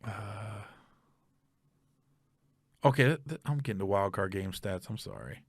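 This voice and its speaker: A man's voice: lowish voice, unhurried, breathy edge, dry recording, clean studio sound. A male podcast host telling a casual, rambling story, often stopping to correct himself and check facts aloud.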